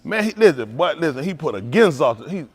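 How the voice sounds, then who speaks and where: Here the preacher's voice is on the high side with a breathy edge, very animated and brisk. Joking and laughing throughout his sermon, he engages the congregation in call-and-response, speaking colloquially and rambling with frequent restarts.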